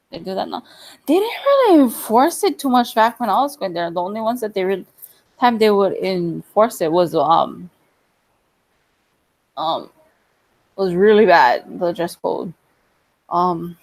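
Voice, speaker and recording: A woman's voice: medium pitch, expressive, a little slow, long pauses, a little mellow. Laid-back rambling woman vlogger. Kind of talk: casual chat.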